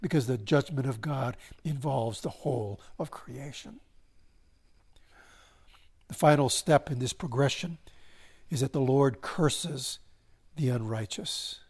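A man preaching a sermon, swelling to emphasis and slowing into solemn pauses. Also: mid-range voice, slightly rough. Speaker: pastor.

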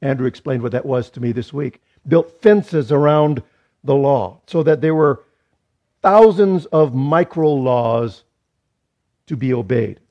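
A man's voice: mid-range voice, unhurried. Joking, conversational male preacher. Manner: conversational, with joking asides and restarts. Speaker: pastor. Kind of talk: sermon. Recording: dull lo-fi recording.

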